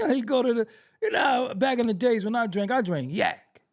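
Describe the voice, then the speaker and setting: A man's voice: very high voice, animated, moderate pace. A man hosting a hip-hop commentary show, ranting brashly with profanity and frequent laughter. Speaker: host.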